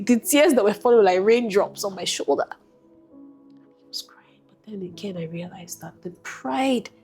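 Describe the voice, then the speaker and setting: A woman with a husky, breathy voice gives a candid personal testimony as an interview guest. She talks softly and leans on repetition to drive home what she felt. Faint music sits behind her. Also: medium pitch. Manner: candid, soft-spoken, repetitive emphasis, rising to intense. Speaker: guest sharing a personal story.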